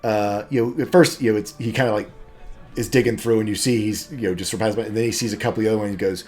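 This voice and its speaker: A man's voice: lowish voice, steady tone, fast talker, pauses often, darkish tone, soft background music. Rambling male game master. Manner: rambling, many fillers. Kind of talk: narrating a tabletop game.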